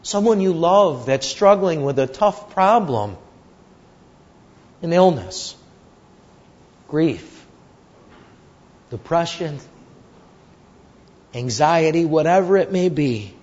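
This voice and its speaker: A male preacher giving an earnest, measured sermon and telling a story, with lots of repetition. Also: fairly high pitch, lively intonation, darkish tone. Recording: dull lo-fi recording.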